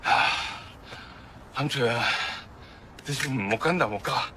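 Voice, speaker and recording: A man's voice: medium pitch, rapid-fire, vocal fry, bright, forceful tone, slight background noise. A brash Busan-accented young man. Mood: gruff teasing. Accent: Busan Gyeongsang Korean. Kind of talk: TV drama acting.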